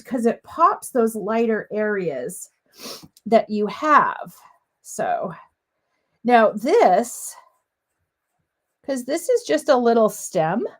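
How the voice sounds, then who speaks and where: Live from the craft room in her home, a middle-aged woman demonstrates papercrafts, chatting in a bubbly way. Her voice sits slightly high, and she's a bit sniffly, with an occasional cough.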